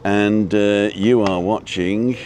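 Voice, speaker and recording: A man's voice: lowish voice, steady tone, slow pace, a little mellow, a little hiss or hum. A man hosting a live walking show outdoors, chatting casually, cracking jokes and reading out viewer names. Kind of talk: casual live-stream chat. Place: outdoors on a street in a seaside town.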